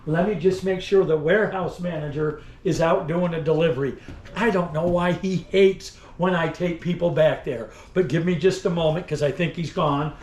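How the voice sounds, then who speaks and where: A man's voice: on the high side, steady tone, normal speed, darkish tone. A man giving a museum tour as a theatrical old-time salesman, teasing and addressing his visitors directly. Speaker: costumed museum tour guide. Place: indoor store museum among visitors. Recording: echoey room, faint background noise.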